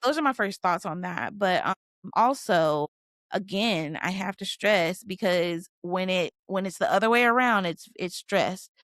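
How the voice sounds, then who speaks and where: A woman's voice: lowish voice, measured pace, a bit bright, no echo, studio quality. A woman co-hosting a podcast, giving her opinions casually and thinking aloud with many fillers. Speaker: podcast co-host. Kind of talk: casual discussion.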